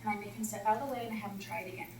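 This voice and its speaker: A woman's voice: medium pitch, rapid-fire, a little hiss or hum. Chatty woman coach in an echoey room. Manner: chatty and animated, acting out classroom scenes. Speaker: math instructional coach leading a teacher workshop. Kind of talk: presenting to teachers. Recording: roomy echo, far from the mic, faint ambience.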